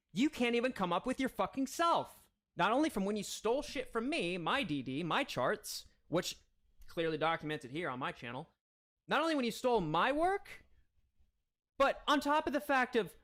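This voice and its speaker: A man's voice: high-pitched, fairly bright tone. A man hosting a livestream, launching into a profane, confrontational rant. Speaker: livestream host. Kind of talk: profane ranting livestream commentary.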